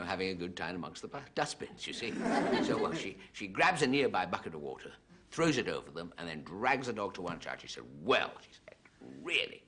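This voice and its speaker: A man telling a rambling shaggy-dog story on stage, often breaking into laughter himself. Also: low voice. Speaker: comedian. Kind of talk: stand-up storytelling to a live audience. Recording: live theatre audience laughter and noise. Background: loud audience laughter.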